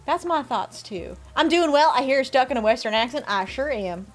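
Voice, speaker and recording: High, lively woman streaming a game. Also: a little fast. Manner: playful, chats with viewers while reading game text aloud. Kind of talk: live game stream chat. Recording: faint music behind.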